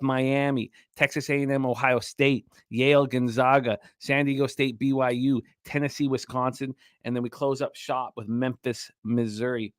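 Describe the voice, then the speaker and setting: A man's voice: medium pitch, dry recording, clean studio sound. A man hosting a sports betting radio show, talking energetically, rambling and throwing in crude jokes.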